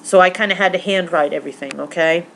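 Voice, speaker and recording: Rambling young woman vlogging, low-pitched. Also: quick pace, gravelly, fairly bright tone, slight background noise. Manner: rambling, many fillers. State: tearful, emotional; recovering from stomach flu. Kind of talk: casual vlog recap.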